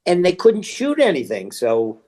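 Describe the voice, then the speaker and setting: Older male guest, raconteur type, lively storyteller with a slightly high pitch. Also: normal speed. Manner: chatty storyteller, acts out quoted voices. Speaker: guest, actor. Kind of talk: casual anecdote telling.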